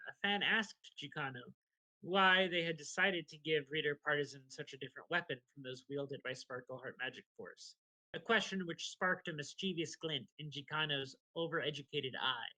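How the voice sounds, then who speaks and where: A man with a raised voice and a very bright, sharp tone reads scripted trivia. His delivery stays dry, and he reads out the punctuation as he goes. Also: fairly high pitch, moderate pace, low-quality recording. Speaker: podcast host.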